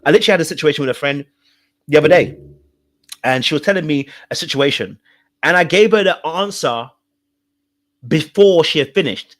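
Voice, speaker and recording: A man's voice: fairly high pitch, animated, brisk, long pauses, fairly bright tone. A man coaching viewers on relationships in a live-stream talk, emphatic and repetitive, often checking in with the audience. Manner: emphatic, repeats points, checks in with "okay? all right?".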